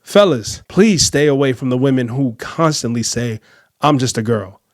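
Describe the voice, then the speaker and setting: A man's voice: medium pitch, lively intonation, moderate pace, no room sound, clean studio sound. A man hosting a podcast who comments on clips and speaks straight to viewers. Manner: direct, addresses viewers as fellas and ladies. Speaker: podcast host.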